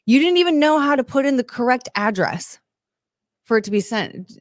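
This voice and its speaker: A woman's voice: high voice, expressive, moderate pace, no echo, clean studio sound. A young adult woman hosting a podcast, ranting in casual commentary and reading chat, with lots of fillers. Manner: chatty, exasperated, ranting with many fillers. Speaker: podcast host.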